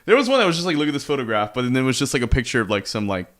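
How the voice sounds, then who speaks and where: A man co-hosting a casual podcast, easygoing and quick with a joke. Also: medium pitch, very animated, fairly bright tone. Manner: easygoing, jokey banter. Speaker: podcast co-host. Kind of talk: casual chat.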